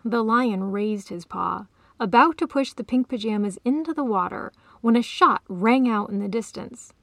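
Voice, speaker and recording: A woman author reading her own short story aloud in a calm, even storytelling manner. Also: fairly high pitch, moderate pace, creaky, no room sound. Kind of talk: storybook narration.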